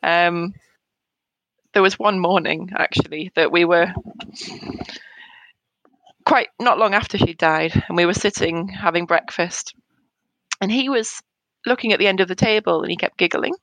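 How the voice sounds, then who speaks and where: Mum in her 30s, hesitant, bit of vocal fry, dry close sound. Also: on the low side, no echo, rough recording. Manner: hesitant, halting, with soft laughs between thoughts. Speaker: interview guest, bereaved mother. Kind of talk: emotional personal conversation.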